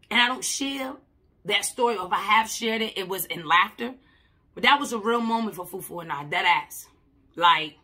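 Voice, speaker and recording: A woman who works in mental health, telling a personal story to camera in a blunt, emphatic way, repeating herself and swearing casually, swinging between loud and soft. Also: mid-range voice, husky.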